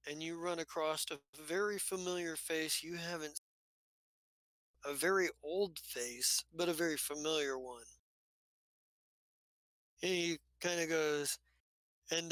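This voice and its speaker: A man runs a tabletop game in a casual, hesitant way, full of fillers. His voice is bright and a bit high. The recording is dry and close. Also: no room sound, poor audio. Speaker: game master.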